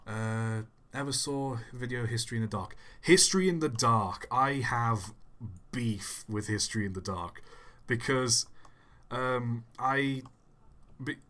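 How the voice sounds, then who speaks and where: A soft-spoken young man answering chat questions on a casual livestream, rambling and self-deprecating. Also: medium pitch, fairly even intonation, slow. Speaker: YouTube channel host. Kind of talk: casual livestream Q&A while gaming.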